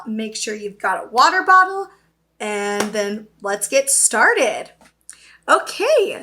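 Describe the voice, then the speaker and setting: Bright-voiced young woman voice teacher. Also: a little high. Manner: upbeat, explains then demonstrates, often checks with "okay?". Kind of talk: virtual voice lesson.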